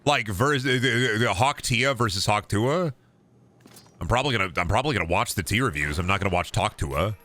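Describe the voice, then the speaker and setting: A male streamer with a bright, sharp voice rants and jokes with his chat while he plays. His talk is loose, full of swearing and running riffs. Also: lowish voice, animated, fairly quick. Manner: profane, ranting, riffs with chat. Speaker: streamer playing a video game. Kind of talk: casual gaming stream chatter.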